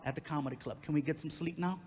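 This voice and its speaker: A male comedian voicing his calm, blunt girlfriend in a lower, softer, matter-of-fact tone. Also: fast, slight background noise, lightly acted. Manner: low, soft, matter-of-fact.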